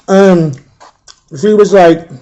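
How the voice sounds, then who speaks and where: A man telling a painful personal story in a candid, subdued way, halting and full of fillers and restarts. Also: high-pitched, fairly even intonation, dark tone, highs cut off. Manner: emotionally shaken, subdued. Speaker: storyteller recounting a personal ordeal.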